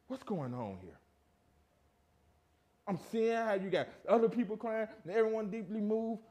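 A man preaching a sermon in a church, emphatic and full of rhetorical questions, dropping from loud to hushed. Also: high voice, lively intonation, moderate pace, long pauses. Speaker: pastor. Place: church sanctuary.

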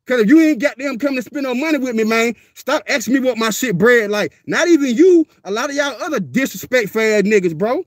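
A man, speaking very high for a man, rants on a livestream. He is blunt and profane, hammering the same lines over and over. The sound is dry and close, with no room echo. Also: fast, hardly any pauses. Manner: profane, confrontational, repeats himself. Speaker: dog breeder and livestreamer. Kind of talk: livestream rant.

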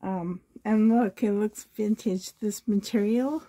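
A hoarse woman from Canada gushing with delight as she unboxes a reborn doll trade for her vlog. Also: medium pitch, slow, mellow. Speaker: reborn doll collector vlogger.

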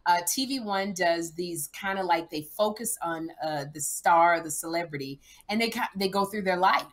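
A middle-aged woman co-hosting a comedy podcast, telling stories with loud acted-out quotes. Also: lowish voice, normal speed. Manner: animated storyteller, acts out quotes loudly. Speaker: podcast co-host. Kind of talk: casual comedic chat.

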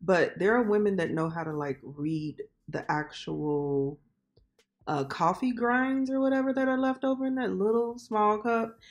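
A woman's voice: mid-range voice, a little slow. A woman hosting a reaction video, chatty and exclaiming as she comments.

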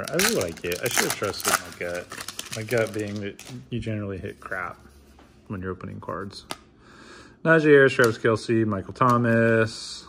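A man's voice: fairly low pitch, fairly bright tone, slight background noise. Wry, mumbling man opening cards. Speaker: card opener. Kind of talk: casual card-opening vlog.

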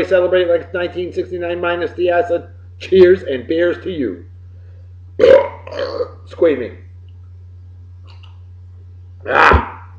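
A man from Massachusetts, hosting a show and giving folksy, boisterous birthday shout-outs. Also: sits high, slight background noise. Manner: boisterous and folksy, swinging loud and soft. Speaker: podcast host. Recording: roomy, slightly dull lo-fi recording.

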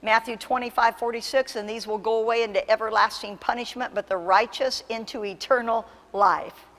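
A woman pastor preaching a sermon with impassioned, emphatic delivery that surges to loud peaks. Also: fairly high pitch, steady tone, brisk, long reverb tail. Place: church sanctuary.

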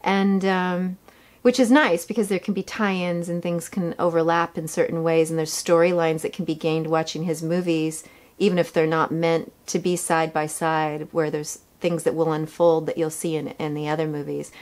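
Middle-aged actress, slightly low voice, lively anecdotal interview delivery with laughter. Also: female voice, moderate pace. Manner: animated, laughs often, acts out quotes. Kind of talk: casual storytelling interview.

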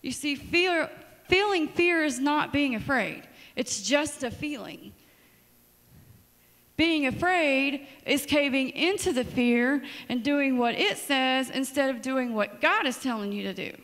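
A woman's voice: sits high, measured pace, long reverb tail. A woman preaching a sermon in a church, telling stories with dramatic asides. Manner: storytelling, lively and dramatic asides. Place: church sanctuary.

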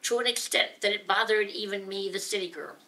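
A woman telling a humorous story live at a gathering, dramatic and lively, laughing along as she goes. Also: mid-range voice, a little fast. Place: gathering of singers, indoors.

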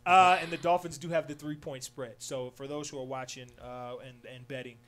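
A man's voice: medium pitch, steady tone, a little fast, a bit bright, a little hiss or hum. A man hosting a casual radio sports show, upbeat and loose, with lots of fillers. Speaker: sports talk show host.

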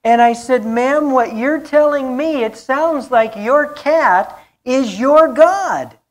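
Slow, earnest woman preaching. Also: sits high. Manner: earnest, repeats phrases for emphasis. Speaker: pastor. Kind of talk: storytelling sermon.

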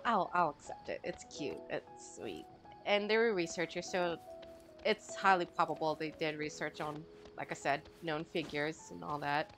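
Low-voiced woman gamer, chatty and rambling, faint game music behind. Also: a bit bright. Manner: gushing, rambling, many "like"s. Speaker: game streamer. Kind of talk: casual game commentary.

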